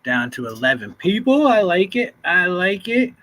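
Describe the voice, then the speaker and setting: Laid-back guy hosting a livestream, bright forceful voice, bit higher pitched, chuckles a lot. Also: big pitch swings, normal speed, poor audio. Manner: laid-back, chuckles often, greets viewers. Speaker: livestream host. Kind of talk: casual livestream chat.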